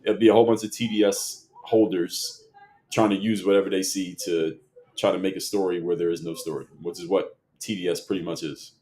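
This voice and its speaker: A man's voice: low voice, flat delivery, fairly quick, dark tone. A man hosting a livestream, reading chat comments aloud and arguing back at them in a lecturing way. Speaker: livestream host.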